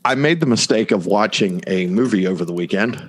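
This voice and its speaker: A man's voice: fairly low pitch, expressive, fairly quick, breathy edge. A man in casual chat, telling a long story and acting out the quoted lines.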